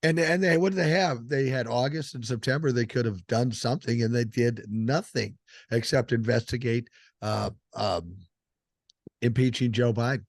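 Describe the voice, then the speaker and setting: An older man holding forth on a podcast, blunt and heavy on the swearing as he presses his points. His pitch sits in an ordinary middle range, and the sound is dry and close, with no room behind it. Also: moderate pace, no echo. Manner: blunt and profane, emphatic. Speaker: podcast host. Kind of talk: casual political chat.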